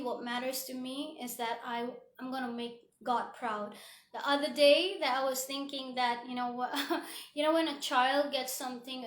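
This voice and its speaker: Woman, motivational vlogger, earnest and heartfelt, fairly high voice, roomy echo. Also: fairly bright tone. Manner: earnest, heartfelt, many fillers. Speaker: motivational speaker. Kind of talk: motivational vlog talk. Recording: echoey room.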